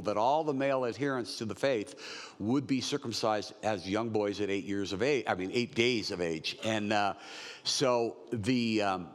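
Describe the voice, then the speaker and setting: Chatty pastor in a reverberant hall. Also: male voice, lowish voice. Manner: conversational, joking asides. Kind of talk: sermon, verse-by-verse teaching.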